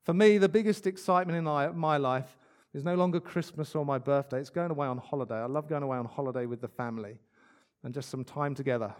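A man preaching a sermon, earnest, slowing down to stress key words and adding light asides. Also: a little high.

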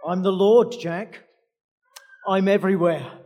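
An all-knowing God, played by a preacher in a joke, answering calmly and plainly. The voice is mellow and a touch high for a man. He speaks slowly, without any fuss. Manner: calm, matter-of-fact.

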